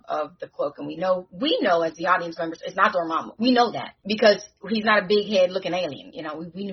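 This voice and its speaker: A woman co-hosting a podcast who recaps a TV show in casual chat, telling the story in an animated way with slang. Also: fairly low pitch, breathy edge. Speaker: podcast co-host. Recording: dull lo-fi recording.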